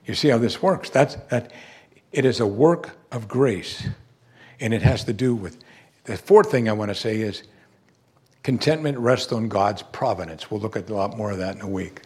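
A man preaching a sermon, emphatic and animated, asking the congregation rhetorical questions. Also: fairly low pitch, normal speed, husky. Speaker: pastor.

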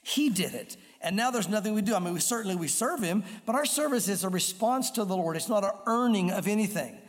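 A man's voice: high-pitched, lively intonation, fast talker. A man preaching a sermon as pastor, emphatic and repeating his key phrases. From Jewish background, raised on the Torah. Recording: reverberant hall sound.

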